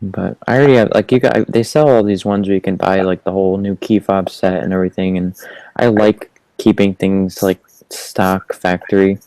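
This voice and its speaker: A man's voice: sits low, fairly even intonation, normal speed, dark tone, dry recording, rough recording. A man in casual chat, easygoing and agreeable, often murmuring along. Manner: easygoing, agreeable, frequent backchannels.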